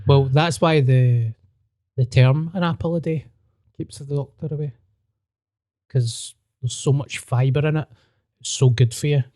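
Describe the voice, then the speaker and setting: A man's voice: mid-range voice, steady tone, measured pace, pauses often, dark tone, no echo, studio quality. A man with a Glaswegian accent co-hosting a podcast, giving short, laid-back, sweary replies in casual chat. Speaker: podcast co-host.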